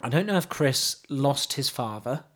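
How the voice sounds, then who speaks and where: Man with a lively, swinging voice. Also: mid-range voice, measured pace. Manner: mocking, laughs often, reads lyrics aloud with scorn. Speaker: podcast co-host. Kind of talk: casual chat.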